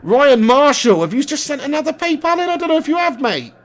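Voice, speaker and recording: A man's voice: very high voice, big pitch swings, a little fast. A young man, a gaming streamer, chatting casually on a live stream, laughing often and reading out chat messages.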